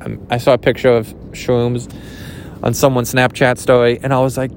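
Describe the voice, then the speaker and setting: A man's voice: normal speed, a little hiss or hum. Rambling young guy vlogging at the beach. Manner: rambling, jokey, swears casually, pitch jumps up when excited. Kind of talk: rambling casual vlog. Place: outdoors at a beach.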